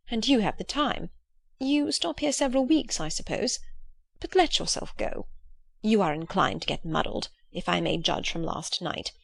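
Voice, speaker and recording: A woman voicing an earnest, gentle old man who talks in a pleading, philosophical way. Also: mid-range voice, gravelly, no echo.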